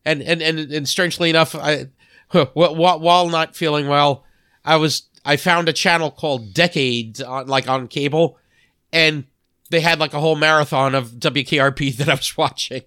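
Bright-voiced, stammering podcast man. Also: fairly high pitch, fairly even intonation, moderate pace, clean tone, no room sound, clean studio sound. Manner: stammering restarts, easygoing. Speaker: podcast co-host. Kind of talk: casual chat.

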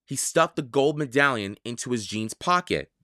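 A storyteller slowly and expressively narrating a children's audiobook. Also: medium pitch, lively intonation, sharp tone, no room sound, clean studio sound. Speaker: audiobook reader.

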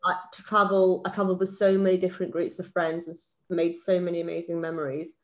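Woman, about thirty, podcast co-host, chatty and animated telling stories. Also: fairly low pitch, fast talker. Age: around 30. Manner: chatty storyteller, animated when telling anecdotes. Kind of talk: casual chat.

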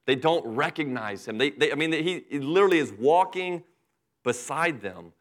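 A man's voice: a little high, lively intonation, normal speed. A middle-aged man preaching a sermon in a conversational way, talking straight to the congregation and asking them questions. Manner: conversational preaching, acts out Bible characters in asides. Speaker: pastor.

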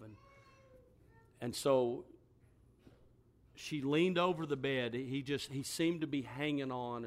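A middle-aged American man preaches from the pulpit in a voice of middle pitch. He tells his stories softly and slowly, going almost to a murmur for quoted words. Then he lifts his voice to make his points with force. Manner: storytelling, drops to a hushed voice for quoted words, then rises with emphasis. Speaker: pastor. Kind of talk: sermon.

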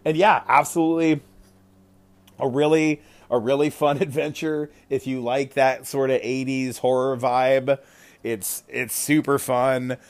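A man hosting a casual podcast chat, talking in an animated way with frequent fillers and exclamations. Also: mid-range voice, measured pace.

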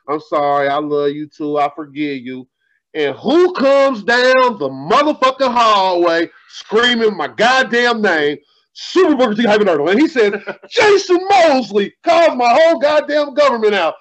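Man, high voice, profane animated storyteller, casual podcast chat. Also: low-quality recording. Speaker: podcast host.

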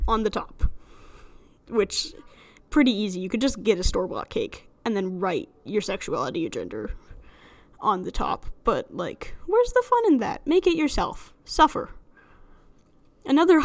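A young woman with a slight lisp hosting a solo podcast, chatty and rambling, joking at her own expense. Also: on the high side. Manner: chatty, rambling, self-deprecating with frequent laughs. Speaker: podcast host. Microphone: studio microphone alone in a room.

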